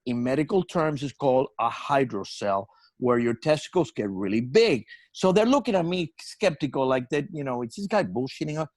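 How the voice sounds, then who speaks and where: A man's voice: mid-range voice, expressive, fairly quick, darkish tone, no echo. A middle-aged man telling a long comic story on a podcast, laughing through his own punchlines. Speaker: comedy podcast co-host.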